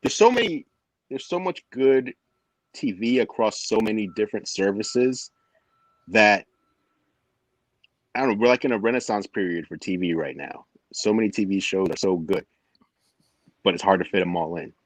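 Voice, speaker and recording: A man joining a livestream over a video call, chatting casually and calmly standing by his opinions. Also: fairly low pitch, normal speed, long pauses, no echo, low-quality recording. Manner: relaxed, defends his opinions. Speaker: guest. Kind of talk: casual chat.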